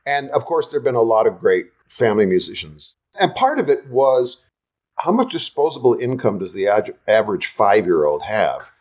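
A man's voice: on the low side, big pitch swings, moderate pace, a little mellow. Chatty older male storyteller. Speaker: guest songwriter. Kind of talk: casual interview storytelling.

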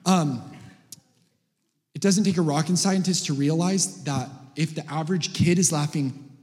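A man giving an energetic, joking sermon as a guest preacher, sometimes rising to shouts. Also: on the high side, a little slow. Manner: joking, animated, builds to shouts. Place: large church hall. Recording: reverberant hall.

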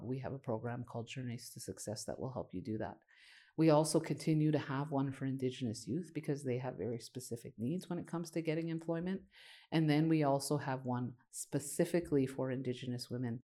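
A woman's voice: extremely low pitch, warm tone. A woman leading a community organization, explaining its programs and telling stories in an earnest, conversational way. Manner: earnest and conversational, often adds "right?". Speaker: executive director of a community organization.

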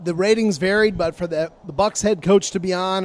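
A man's voice: high-pitched, moderate pace. A man casually recounting sports media stories on a podcast, acting out the arguments he quotes. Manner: animated storyteller, acts out quoted arguments.

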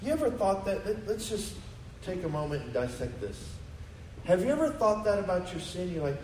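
A man's voice: high voice, animated, brisk, a little mellow, roomy sound, distant mic, slight background noise, rough recording. A man preaching a sermon to his congregation, emphatic and full of rhetorical questions. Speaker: pastor. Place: church sanctuary.

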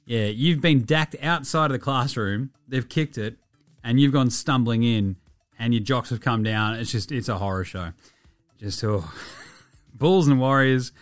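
An Australian man hosting a casual sports podcast, animated, swearing freely and laughing often. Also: mid-range voice, measured pace, dry recording, faint music behind. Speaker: podcast host.

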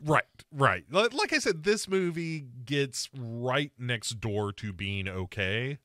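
A man's voice: medium pitch, lively intonation, slow pace, fairly bright tone, dry recording, clean studio sound. A man hosting a podcast, casually recapping a movie with wry mock quotes. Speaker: podcast host. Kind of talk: casual movie review chat.

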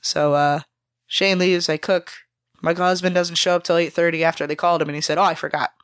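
Animated woman telling workplace stories. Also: lowish voice, brisk, clear, resonant tone, no echo, studio quality. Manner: animated, swears freely, acts out quotes. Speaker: podcast guest. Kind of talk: casual storytelling chat.

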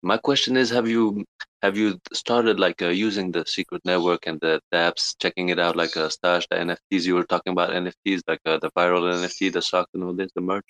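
A man with a very deep voice asks a question from the audience. He is hesitant, with many fillers and repeated words. The mic is dry and close. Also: flat delivery, a little fast, fairly bright tone, dry recording, low-quality recording. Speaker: audience member asking a question.

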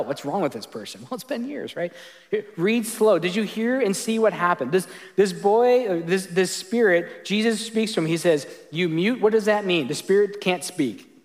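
A man's voice: high-pitched, long reverb tail. A man preaching a sermon as pastor, earnest and conversational, often restarting his sentences.

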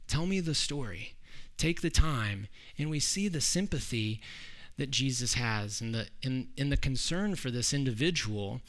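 Expressive and at a moderate pace, a man with a mid-range voice preaches a sermon like a conversation. Restarts are frequent, and he acts out the quotes he uses.

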